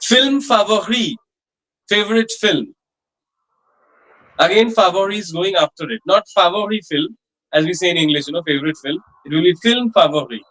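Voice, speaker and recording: A man with a noticeably high voice teaches a French lesson. He explains each point plainly and drills words over and over at an unhurried pace. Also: fairly bright tone, low-quality recording. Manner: slow, patient pronunciation drills with repetition. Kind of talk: language class instruction.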